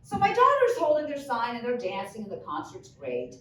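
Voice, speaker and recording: Fifties female storyteller, animated and loud, lively pitch; live pub stage, distant mic, faint room noise. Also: fairly quick, very echoey. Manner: animated, with loud exclamations and laughs.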